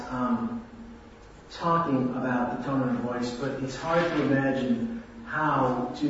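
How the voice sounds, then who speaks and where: A man preaching a conversational sermon to a congregation, often checking in with a quick "right?". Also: mid-range voice, a little hiss or hum. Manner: conversational, asks the audience "right?". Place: church or hall. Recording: distant echoey hall recording, dull.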